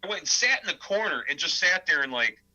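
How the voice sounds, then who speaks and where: The highs are cut off in this clip of a man whose voice is a little high and quick. A death metal guitarist and vocalist from the American Midwest, he guests on a podcast and tells meandering stories in casual interview fashion, animated and peppered with filler words.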